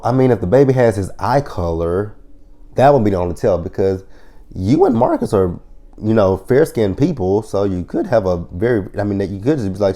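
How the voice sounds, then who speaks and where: Male reviewer with a deep, mellow voice and a goofy, foul-mouthed recap style. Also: moderate pace. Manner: profane, goofy, animated retelling. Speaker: TV episode reviewer. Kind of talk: casual episode recap.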